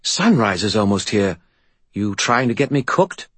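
A man's voice: lowish voice, big pitch swings, measured pace, a bit bright, breathy edge, dry recording, voice pushed up, heavily acted. A man voicing a weary male spirit in a skull, whispering with slurred speech. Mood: grumpy.

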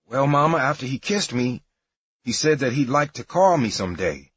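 A man's voice: mid-range voice, sing-song, moderate pace, a bit bright, slightly rough, no echo, voice pushed up. A man voicing a nervous, earnest young boy speaking to his grandmother. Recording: dry, dull lo-fi recording.

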